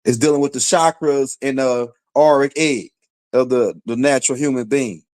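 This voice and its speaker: A mid-range, slightly mellow male voice moves at normal speed through a casual direct-address monologue. Slangy and sprinkled with fillers, it challenges the target with repeated rhetorical questions.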